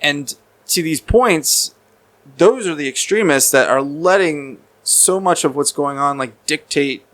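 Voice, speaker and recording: A man's voice: fairly high pitch, lively intonation, measured pace, fairly bright tone. A man telling a personal story in casual podcast talk, rambling and repeating words, with casual swearing. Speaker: podcast guest.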